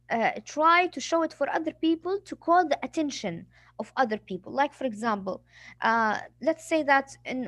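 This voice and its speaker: A woman's voice: high voice, a bit bright, dry recording. Female English teacher, patient and explanatory, dry close recording. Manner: patient explaining, acts out examples. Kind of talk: classroom vocabulary lesson.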